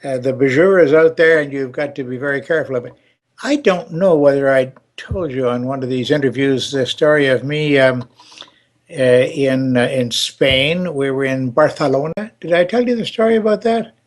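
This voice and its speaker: A man's voice: mid-range voice, normal speed. An older man hosting a talk show, telling a long anecdote in a rambling way full of fillers and restarts. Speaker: show host. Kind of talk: storytelling chat.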